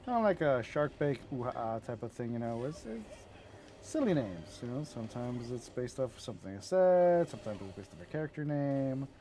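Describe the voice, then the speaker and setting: Animated, mellow-voiced man rambling over gameplay. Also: medium pitch, moderate pace, a little hiss or hum. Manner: rambling storyteller, swears casually, laughs at his own stories. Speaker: gaming streamer. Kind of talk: casual gameplay commentary.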